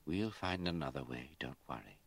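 A man reading an audiobook, voicing a tender mother who soothes her son in a hushed voice. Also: extremely low pitch, big pitch swings, normal speed, creaky, breathy edge, full character voice. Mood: soothing.

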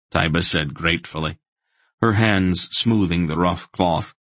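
A man narrating a fantasy audiobook in a calm, even reading. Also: low voice, unhurried, dry recording.

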